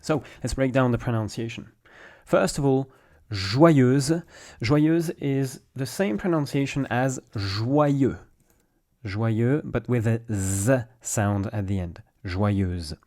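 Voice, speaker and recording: A man from France with a French accent, patiently explaining French pronunciation in a relaxed way, with small fillers. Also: mid-range voice, unhurried. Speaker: French teacher.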